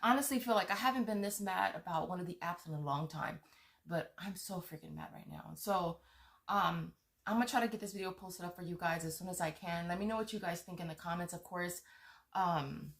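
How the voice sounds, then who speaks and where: A woman's voice: fairly low pitch, fairly quick, a bit bright. A woman vlogger furiously ranting to her viewers, swearing, stammering and repeating herself. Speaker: vlogger on money-saving apps. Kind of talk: angry rant to viewers.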